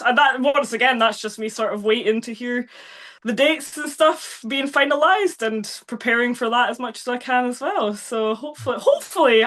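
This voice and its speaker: A woman's voice: fairly high pitch, fairly bright tone. A woman being interviewed as a guest actress, chatting casually with many fillers and frequent laughter.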